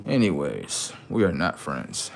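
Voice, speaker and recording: A man hosting a livestream, lecturing his chat in a preachy, repetitive, profane way with sudden loud outbursts. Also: very deep voice, big pitch swings, unhurried, gravelly, slight background noise. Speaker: livestream host.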